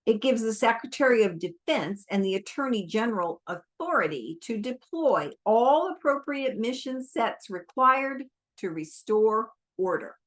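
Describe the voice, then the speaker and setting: A woman reading aloud, voicing a gruff, blunt army general who speaks in a curt, commanding way. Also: on the high side. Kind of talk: audiobook reading.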